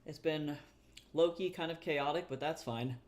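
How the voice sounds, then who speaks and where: A man's voice: fairly high pitch, normal speed. Chatty, foul-mouthed young man streaming. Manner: loose and chatty, swears freely, self-deprecating, laughs easily. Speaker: artist live-streaming, reading chat. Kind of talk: casual live-stream chat.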